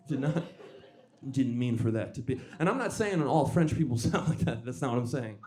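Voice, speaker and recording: A young male comedian performs a stand-up set in a comedy club, speaking into a stage mic. His voice is dark and mellow at a middle pitch, and his delivery is dry and halting, full of small restarts and self-deprecating asides. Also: lively intonation.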